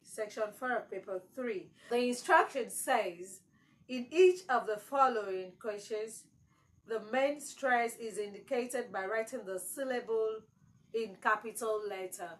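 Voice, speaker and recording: A woman's voice: on the high side, unhurried, low-quality recording. A woman teaching exam prep, repeating key words with strong emphasis. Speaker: English teacher.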